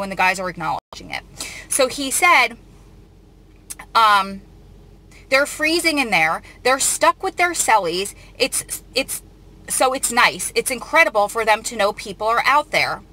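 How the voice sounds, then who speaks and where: A woman host with a bright, fairly high voice reads a news story aloud and adds her own comments. She speaks earnestly, her feeling showing, and often stops to restart a sentence. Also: sing-song, moderate pace. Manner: earnest and emotional, with frequent restarts. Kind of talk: reading and commenting on a news article.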